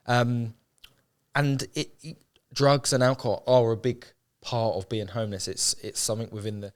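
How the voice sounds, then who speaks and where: A young man, telling his story in an interview in an earnest, heartfelt, colloquial way, often repeating phrases for emphasis. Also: fairly low pitch. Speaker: homeless charity founder. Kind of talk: emotional podcast interview.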